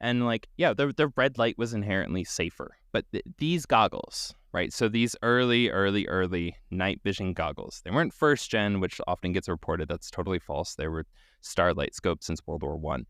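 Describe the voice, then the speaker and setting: A man's voice: low-pitched, normal speed, a bit bright, no room sound, clean studio sound. A man hosting a podcast, telling a story dramatically, swearing casually and laughing often.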